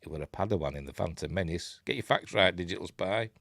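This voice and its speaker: A man's voice: low-pitched, fast talker, vocal fry, a bit bright, dry recording, studio quality. A man with a Yorkshire accent hosting a live news stream, reading articles aloud and mocking them in a chatty, sarcastic way. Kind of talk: casual live-stream commentary.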